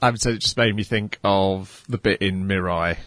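A man's voice: low voice, fairly even intonation, normal speed, a bit bright, dry recording. A man co-hosting a casual podcast, talking in a hesitant, wry way with many fillers. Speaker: podcast co-host. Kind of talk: casual chat reviewing anime.

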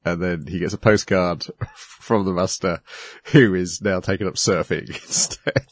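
A man with a fairly low voice leads a podcast chat, recapping plot points and moving the show along. The sound is dry and close. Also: steady tone, a little slow, dry recording. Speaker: podcast host. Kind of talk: casual anime review chat.

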